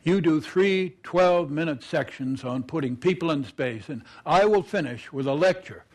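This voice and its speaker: A man's voice: on the high side, animated, normal speed, a little mellow. A man doing a stammering nervous young guy. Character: young man, nervous, stuttering, Maine accent.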